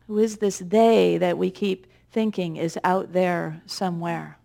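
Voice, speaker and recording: A woman minister giving a conversational, gently humorous sermon with reflective pauses. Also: on the low side, vocal fry.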